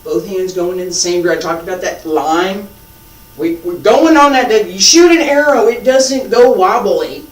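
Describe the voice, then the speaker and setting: A martial arts teacher giving a live lesson and demonstrating moves, patient and repetitive, joking at his own expense. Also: mid-range voice. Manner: slow, patient, repeats key points, self-deprecating humor. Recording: echoey room, mic far off.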